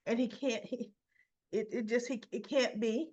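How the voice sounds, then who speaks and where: Woman, casual soap reviewer, slightly high voice, chatty recap style, muffled home-video sound. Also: fairly even intonation, a little slow, darkish tone. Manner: chatty, retells scenes with quoted dialogue.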